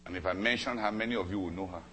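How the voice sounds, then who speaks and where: A man preaching a sermon, telling a personal story with dramatic repetition and emphatic swings between loud and soft. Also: low-pitched, rapid-fire, a little hiss or hum. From Cameroon. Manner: dramatic, repeats phrases for emphasis.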